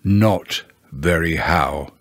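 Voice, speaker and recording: A man voicing a gloomy old grey male donkey in a storybook, speaking slowly and mournfully with heavy sighs. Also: fairly low pitch, a bit bright, dry recording, clean studio sound, pitched below the performer's own voice. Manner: slow, mournful and sighing.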